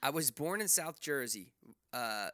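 A man with a mid-range, expressive voice speaks a bit slowly, sounding pushed and bright. He's a podcast co-host in casual conversation, rambling with plenty of fillers and restarts and swearing freely.

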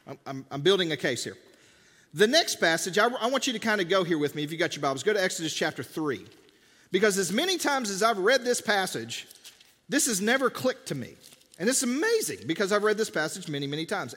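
A man with a high voice preaches a sermon in a church sanctuary. He talks to the congregation casually and plays out the dialogue of scripture scenes. His voice rings with the long reverb of a church hall. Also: sing-song, fairly quick, a bit bright. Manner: conversational preaching, acts out biblical dialogue. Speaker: pastor.

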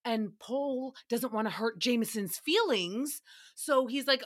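Bright, animated woman hosting a chat. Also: a little high, moderate pace. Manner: animated, playful, puts on silly voices for quotes. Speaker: podcast host. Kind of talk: casual recap chat.

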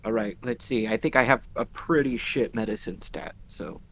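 A man's voice: medium pitch, normal speed, slight background noise. A man playing in a tabletop game, describing his moves in an amused tone. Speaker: player.

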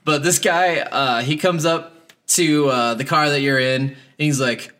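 Laughing man retelling scenes, slightly high voice. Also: steady tone, a little slow, sharp tone. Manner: laughs often, retells scenes with quoted lines. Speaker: podcast co-host. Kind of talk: casual chat recapping a video game.

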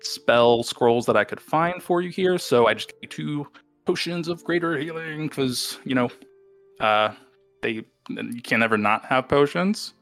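A man's voice: medium pitch, fairly bright tone, faint music behind. Rambling man voicing his character. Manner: rambling, halting with fillers. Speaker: player. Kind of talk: in-character tabletop role-play.

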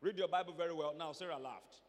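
Man, preacher, high voice, emphatic sermon delivery, long hall reverb. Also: quick pace. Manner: emphatic, swings between quiet asides and shouted emphasis.

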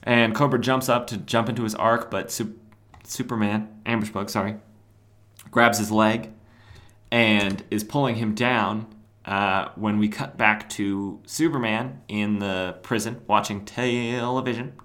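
Rambling low-voiced man recapping comics. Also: steady tone, measured pace, fairly bright tone. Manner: rambling, with filler words and acted quotes. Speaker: podcast host.

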